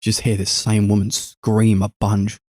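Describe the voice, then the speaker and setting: A man, a podcast co-host, chatting casually about films, animated and swearing freely with frequent laughs. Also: lowish voice, a little slow, dry recording, studio quality. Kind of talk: casual film review chat.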